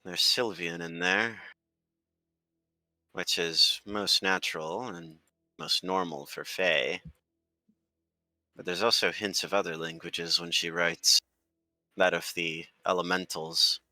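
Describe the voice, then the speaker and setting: A man's voice: low-pitched, steady tone, takes it slowly, pauses often, bright, forceful tone, dry recording, full character voice. A man voicing a courteous, curious male scholar who speaks in formal phrases.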